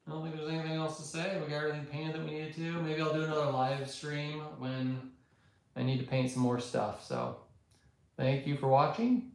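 A man in his thirties hosting a casual live-stream chat in a flat, monotone, rambling way. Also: on the high side. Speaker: YouTube host. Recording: very echoey room, faint noise.

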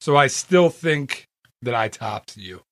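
A man's voice: mid-range voice, lively intonation, takes it slowly, dry recording. Guy hosting a podcast, jokey and teasing, voice bounces all over, dry sound. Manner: teasing, joking banter. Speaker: podcast host. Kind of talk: casual chat.

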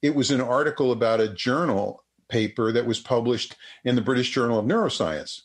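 An older man speaks at an ordinary middle pitch, telling an anecdote in an interview. He acts out the people in his story with raised voices and often restarts his sentences. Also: fairly quick. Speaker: guest psychotherapist and researcher.

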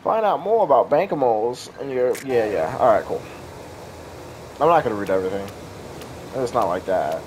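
A man's voice: mid-range voice, big pitch swings, moderate pace, pauses often, background noise. A man hosting a casual gameplay video, reacting sarcastically and swearing freely. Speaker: gaming channel host. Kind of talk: casual let's-play commentary.

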